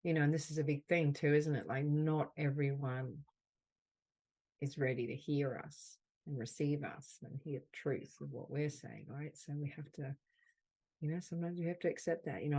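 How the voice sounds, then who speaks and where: A woman hosting a group healing call on a video call, slowly leading gentle repeated affirmations. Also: deep voice, fairly even intonation. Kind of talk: guided group session.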